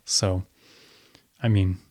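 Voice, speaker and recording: Young man, low-pitched, dry close sound, calm reassuring podcast chat. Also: very slow, no echo. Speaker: podcast co-host. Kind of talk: casual chat.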